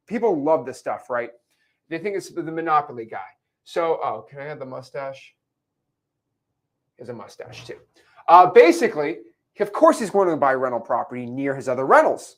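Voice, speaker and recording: A young man gives an animated real estate lesson, constantly checking that his listeners follow. His voice sits a bit high and swings widely in pitch. He breaks into put-on character voices as he explains. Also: moderate pace. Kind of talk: whiteboard lesson.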